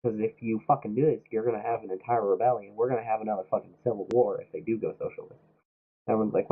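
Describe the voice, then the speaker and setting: A man's voice: on the low side, fairly even intonation, quick pace, slightly rough. Heated, swearing young man on tinny audio. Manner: heated, swearing, mock-quoting others. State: sick. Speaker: streamer. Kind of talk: profane political rant while streaming a game.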